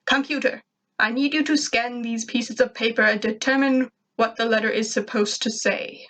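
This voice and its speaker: A woman's voice: a little high, fairly even intonation, normal speed, fairly bright tone, natural voice. A woman voicing a short-tempered male alien invader who screams and snaps orders. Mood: irritable.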